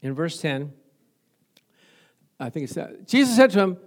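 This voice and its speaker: A male pastor with a somewhat high, sing-song voice preaches in an unhurried, conversational way. He poses rhetorical questions to the congregation and tells stories, acting out remembered exchanges.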